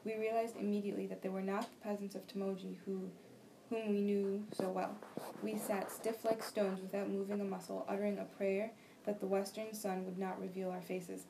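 Low-toned young woman reading aloud. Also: a little fast, vocal fry. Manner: plain steady reading with small slips and restarts. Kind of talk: reading a novel aloud in class discussion. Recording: faint background noise.

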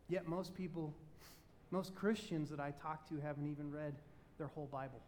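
A man delivering a sermon in a high, light voice. He tells his stories with energy, jumping between loud enthusiasm and quiet, pointed moments. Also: normal speed, slight background noise. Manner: animated storytelling, swings between loud excitement and quiet emphasis. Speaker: pastor.

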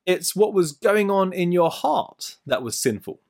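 A middle-aged man delivers a sermon in a storytelling way, slipping into playful asides. His voice sits a little high for a man, and his pitch swings widely from line to line. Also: expressive, measured pace, gravelly, darkish tone. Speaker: preacher.

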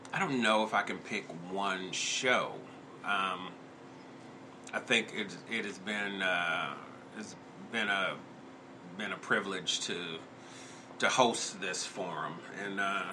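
A man hosting a podcast in casual chat, talking in a halting, heartfelt way with many restarts. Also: sits low, noisy background. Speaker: podcast host.

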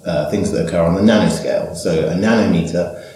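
A man's voice: sits low, fairly even intonation, brisk, a little mellow, very echoey, low-quality recording. A man co-hosting a casual science chat, explaining things in a dry, orderly way. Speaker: podcast co-host, scientist.

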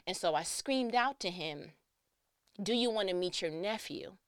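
A young woman telling a personal story in a lively, slangy way, acting out the voices she quotes. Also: mid-range voice, unhurried, clean tone, no room sound, studio quality. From New York.

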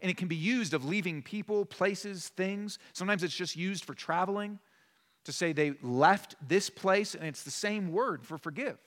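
A man's voice: high voice, normal speed, a bit bright, long reverb tail. A male pastor preaching a sermon in an earnest, emphatic, conversational way. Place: church sanctuary.

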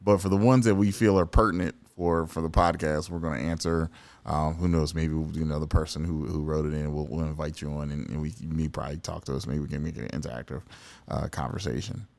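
A man co-hosting a casual podcast, talking in halting starts with repeated words. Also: very deep voice, fairly even intonation, gravelly, darkish tone, dry recording. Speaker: podcast co-host.

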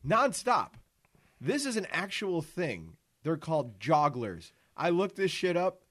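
Lively loud-mouthed podcast host man. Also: fairly high pitch, a little slow. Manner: loud, profane, laughs often. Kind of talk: casual comedy podcast banter.

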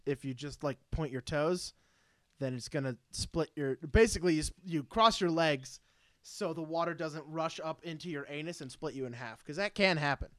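A man riffs crudely through a movie podcast, swearing freely and laughing at his own jokes. His voice sits a little high and comes across smooth. The recording is dry and close. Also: moderate pace, dry recording. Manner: crude, joking, swears a lot. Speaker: podcast co-host. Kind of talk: casual movie chat.

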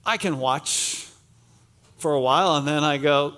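Speaking at a measured pace in a sharp voice on the high side, a middle-aged pastor from Pennsylvania gives a sermon in a church sanctuary. He's chatty and self-deprecating, sprinkling in humorous asides and joking with the congregation.

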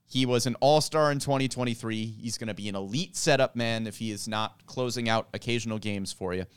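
A man co-hosting a sports podcast, speaking at a middle pitch with a smooth, resonant tone. He moves easily from banter into a methodical, list-like breakdown. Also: fairly quick. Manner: jokey, then lays out a list analytically. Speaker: podcast co-host. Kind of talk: casual sports podcast chat. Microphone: handheld mic.

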